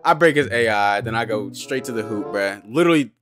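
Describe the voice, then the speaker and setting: A man's voice: on the low side, animated, fairly quick, music in the background. A young man giving casual, slangy gameplay commentary as a gaming YouTuber, dropping "bruh" constantly.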